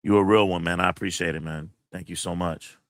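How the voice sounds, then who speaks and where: A man's voice: low voice, steady tone, brisk, dry recording, clean studio sound. A man hosting his channel, venting to camera in a blunt, profane, emotional way while near tears and reading out chat messages. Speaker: channel host. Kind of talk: casual livestream venting to camera.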